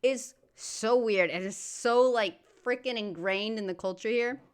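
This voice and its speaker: A woman's voice: on the high side, a little slow, smooth. An American woman hosting a reaction video, chatting casually and bluntly, ranting with lots of "freaking". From United States. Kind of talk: casual chat.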